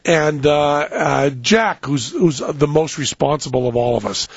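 A man's voice: fairly high pitch, expressive, a little slow, husky, dry recording, muffled recording. A middle-aged American man hosting a radio show, telling a rambling story and interrupting himself. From United States. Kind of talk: casual radio chat with storytelling. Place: radio studio.

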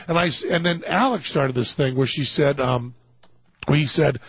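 Gravelly guy spinning a funny story on his show, kinda high voice, flat dry muffled audio. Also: moderate pace, no room sound. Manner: animated storyteller, acting out quoted voices. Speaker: radio show host telling a story. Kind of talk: casual anecdote on a talk show. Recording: dull lo-fi dry studio sound.

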